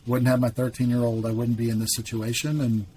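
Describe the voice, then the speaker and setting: A middle-aged man telling his faith testimony in casual talk, as an earnest storyteller with quick asides. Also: mid-range voice, flat delivery, dark tone, a little hiss or hum. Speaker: podcast guest.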